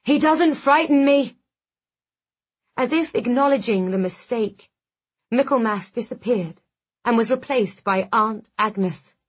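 A woman reads first-person fantasy narration in a measured, dramatic delivery. Her pace is slow and unhurried. Her voice has a soft, breathy edge, and her pitch sits in the middle. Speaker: audiobook narrator.

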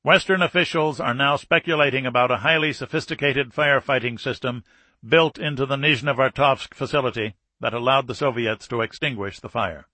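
A man narrating an audiobook thriller in a measured, scripted reading. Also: mid-range voice, sharp tone, no room sound.

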